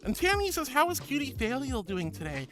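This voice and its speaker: A man's voice: extremely high pitch, huge pitch swings, a little fast. A man streaming and reading his chat aloud, affectionate and playful, calling viewers sweetie and honey and shrugging off compliments. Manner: playful, self-deprecating. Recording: loud music behind the voice.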